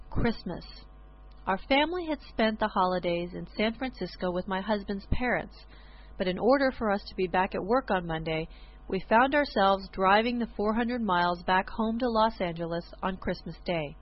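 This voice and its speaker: A woman reading a first-person story aloud in a measured, expressive way. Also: mid-range voice, muffled recording.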